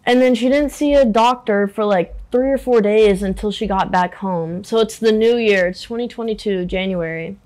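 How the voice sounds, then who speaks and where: A young adult woman in a candid interview, talking in a halting, emotional way and using "like" a lot. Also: medium pitch, a little mellow. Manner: halting and emotional, many filler "like"s.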